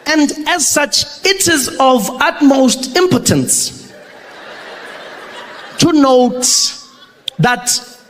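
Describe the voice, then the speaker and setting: A man doing a pompous old president's halting speech. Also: very high-pitched, lively intonation, in a large hall, a faint crowd, voice pushed up, full character voice. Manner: halting, stretched-out speechmaking cadence. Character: pompous older male president giving a speech. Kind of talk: stand-up comedy impression.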